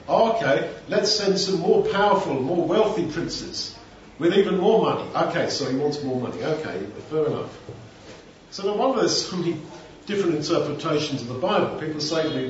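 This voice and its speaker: A man's voice: on the high side, expressive, moderate pace. A man preaching a conversational sermon, asking rhetorical questions and acting out little scenes from the text. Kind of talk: expository sermon. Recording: distant, echoey, dull, noisy hall.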